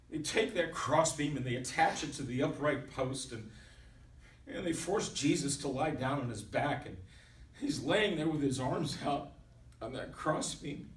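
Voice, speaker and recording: A man performing a first-person dramatic monologue, swinging between loud urgency and hushed intensity. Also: a little high, lively intonation, a little slow. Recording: echoey room, voice from a distance.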